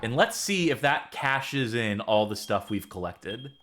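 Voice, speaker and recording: Wry man with lively pitch. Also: measured pace, slight background noise. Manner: wry, sarcastic remarks. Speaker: co-host playing the game. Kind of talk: casual gameplay commentary. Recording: music playing behind.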